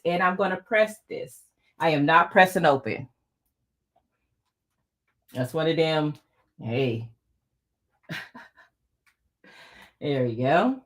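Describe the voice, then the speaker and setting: Her low voice swings widely in pitch, a touch bright and slightly rough, as she talks a little slowly and pauses often. She's a middle-aged quilting channel host, chatting away to viewers while she sews during a casual live tutorial.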